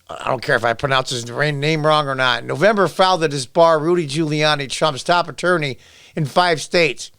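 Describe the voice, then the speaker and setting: A man's voice: fairly high pitch, a bit bright, dry recording. Man, middle-aged, angry sarcastic commentary, reads news aloud, dry close sound. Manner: angry, sarcastic, talks back at the article he reads. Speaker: political commentary vlogger. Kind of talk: ranting commentary while reading a news article.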